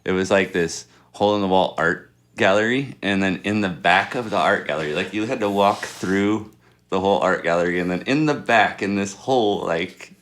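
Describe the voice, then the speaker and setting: Very deep-voiced laid-back man. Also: normal speed, a bit bright. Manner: laid-back, chuckles often, rambling anecdotes. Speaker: rapper and producer, guest. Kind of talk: casual interview storytelling.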